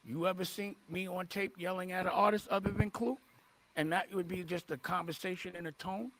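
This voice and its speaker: Gravelly, high-voiced indignant man. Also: fairly even intonation, fairly quick, fairly bright tone. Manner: indignant, repeats and restarts mid-sentence. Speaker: interviewee in a played clip. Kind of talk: heated interview talk.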